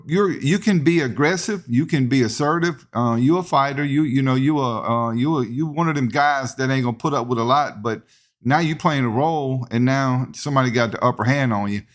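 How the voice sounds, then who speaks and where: A man hosts a podcast interview and steers it with casual, conversational questions. His voice sits at an ordinary pitch for a man. He talks plainly and informally. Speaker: podcast host.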